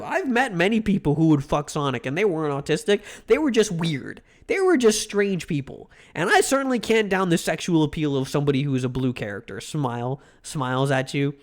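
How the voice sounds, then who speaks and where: Crude, playful male streamer, fairly high voice. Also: fairly quick. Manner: crude, playful, animated pitch jumps. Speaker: live streamer. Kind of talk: casual chat.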